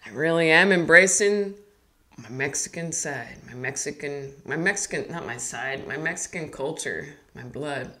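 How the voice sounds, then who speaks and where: A woman's voice: deep voice, moderate pace, pushed and bright, slight background noise. A woman in her thirties, a comedian, chatting casually on a live stream in a rambling, self-deprecating, giggly way. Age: 30s.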